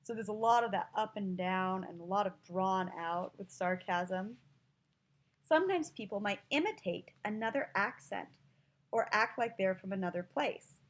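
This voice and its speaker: A woman from Utah teaching a classroom listening lesson in a slow, clear, explanatory manner. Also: medium pitch.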